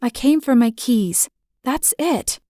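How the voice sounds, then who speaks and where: A woman voicing a composed young woman in an audiobook, speaking in measured, defensive tones. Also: high voice, animated, dark tone, dry recording, studio quality, pitched above the performer's own voice.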